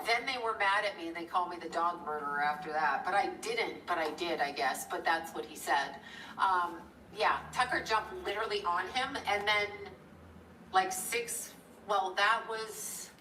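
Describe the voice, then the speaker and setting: A woman's voice: lowish voice, measured pace, sharp tone, slight background noise. A middle-aged woman hosting a live stream, telling a rambling story in a chatty, digressive way and breaking off to thank viewers. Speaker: livestream host. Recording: echoey room, a bit far from the mic.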